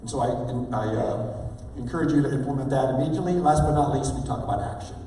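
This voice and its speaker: A man giving an energetic motivational talk on stage, calling for replies from the audience. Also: medium pitch, quick pace, slight background noise. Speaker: motivational speaker. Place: large hall with a live audience. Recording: echoey hall, mic at a distance.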